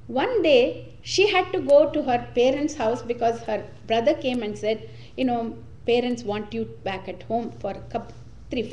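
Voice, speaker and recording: Animated woman telling a devotional story. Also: high-pitched. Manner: warm, animated storytelling with Hindi words. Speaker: spiritual class leader. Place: community hall or temple room. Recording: echoey room recording.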